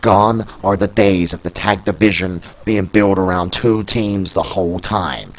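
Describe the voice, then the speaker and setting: A man reading out the slow, deliberate threats of a confident male tag-team wrestler in his own low voice. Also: fairly even intonation, low-quality recording. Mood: menacing.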